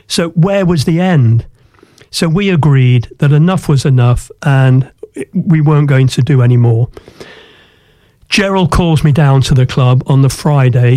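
Guy recounting old club troubles, warm mellow voice, dry close sound, lots of you knows. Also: medium pitch, dry recording. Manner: anecdotal, leans on "you know" fillers. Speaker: former football club owner telling his story. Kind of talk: reflective storytelling in an interview.

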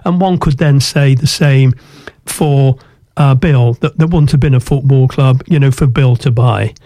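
Earnest older man, dark dry voice. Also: medium pitch, measured pace, no room sound. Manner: earnest, many ums and restarts. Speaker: guest, former football club chairman. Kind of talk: radio interview storytelling.

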